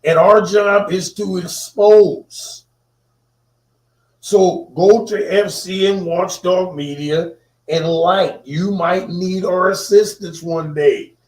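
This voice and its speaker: A man's voice: high-pitched, fairly even intonation, slow, darkish tone, roomy sound, far from the mic, rough recording. A man hosting a watchdog channel, delivering fiery commentary with an impassioned, indignant edge.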